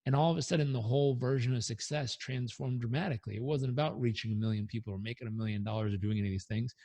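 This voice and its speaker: An earnest, energetic man speaks as a coach in an interview, his voice sitting at a middle pitch. The recording is close and dry, with no room sound. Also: racing, dry recording. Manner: earnest, energetic, leads breathing exercise aloud. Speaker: performance coach guest. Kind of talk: podcast interview answers.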